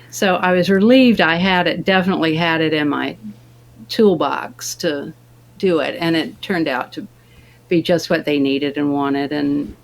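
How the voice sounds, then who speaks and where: A woman, an actress, talking as a guest in a remote interview and telling stories in a lively way, acting out the lines of the people in them. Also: sits low. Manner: animated storyteller acting out dialogue.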